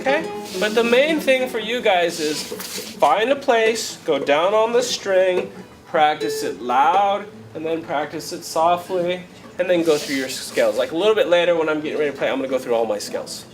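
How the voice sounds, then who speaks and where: A man's voice: a little high, lively intonation, normal speed, low-quality recording. A man teaching a flamenco guitar workshop in a casual, chatty way, often checking in with "right?" and "okay?". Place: workshop room. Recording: loud guitar under the voice. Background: guitar playing.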